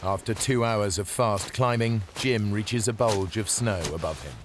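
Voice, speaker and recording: A man giving measured, dramatic scripted narration for a survival documentary. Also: fairly low pitch, slight background noise. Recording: voice-over over loud music.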